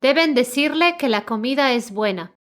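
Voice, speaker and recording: A woman's voice: high voice, lively intonation, brisk, fairly bright tone. A woman reading example sentences for a language lesson, repeating each one carefully as a pronunciation model. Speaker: native-speaker example reader.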